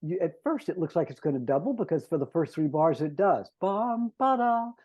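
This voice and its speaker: A man's voice: fairly high pitch, lively intonation, brisk, dark tone, slightly rough, muffled recording. A man, a composer, earnestly explaining his scores to conductors and humming melodies to make his points. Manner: earnest teacher who hums melodies to illustrate.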